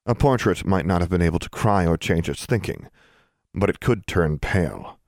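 Deep voiced guy reading an audiobook, dry close sound, steady and hushed in tense bits. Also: no echo. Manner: even, measured storytelling, hushing for suspense. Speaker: audiobook narrator. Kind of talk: scripted narration.

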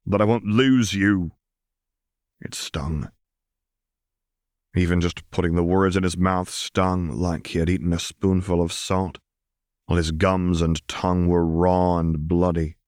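Male audiobook narrator, very low and level, steady read, dry studio sound. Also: unhurried, dry recording. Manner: steady, even storytelling read. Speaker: audiobook reader. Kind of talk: scripted narration.

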